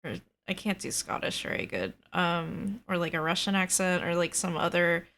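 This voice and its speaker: A woman runs a tabletop game and chats with her players in a loose, rambling way, with plenty of fillers. Her voice sits a little low but sounds bright and forward. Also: animated, normal speed, gravelly. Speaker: dungeon master. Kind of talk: casual chat.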